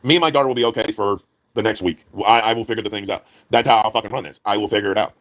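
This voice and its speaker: A man tearing through a furious, profane rant at breakneck speed. He curses constantly, circles back to the same complaints, and never slows down. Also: lowish voice, a bit bright. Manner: profane, heated, repetitive. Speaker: live streamer. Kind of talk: angry rant.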